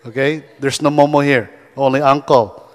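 A man voicing a bossy uncle who scolds a child with loud, repeated warnings, in a reverberant hall. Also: medium pitch, fairly even intonation, moderate pace, pitched below the performer's own voice, natural voice. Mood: scolding. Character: bossy Filipino uncle scaring kids.

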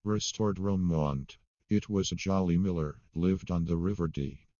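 A man reading a comic ballad aloud in a steady storytelling manner. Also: deep voice, a little slow, no echo, lo-fi sound. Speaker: poetry reader.

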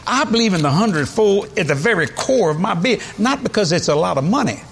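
A man's voice: high-pitched, sing-song, fairly quick, vocal fry, a bit bright, a little hiss or hum. A man, preaching a sermon in a folksy, storytelling way with chuckles. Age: 70s. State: has a cold.

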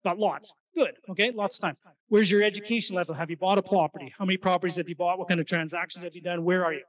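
High-voiced man speaking to a crowd. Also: fast, recorded from a distance, poor audio. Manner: energetic, conversational, addresses the crowd with questions. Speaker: real estate investing presenter. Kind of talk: live seminar talk to an audience. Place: meeting room at an investor event.

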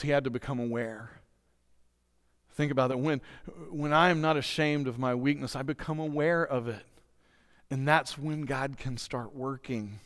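A man preaching a sermon as pastor, earnestly asking his congregation direct questions. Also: medium pitch. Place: church sanctuary. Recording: long hall reverb in a church.

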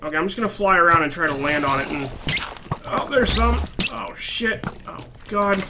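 A man giving gameplay commentary, swearing a lot and flaring into loud frustrated outbursts. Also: high-pitched, expressive, moderate pace, heavy background noise. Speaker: let's play gamer.

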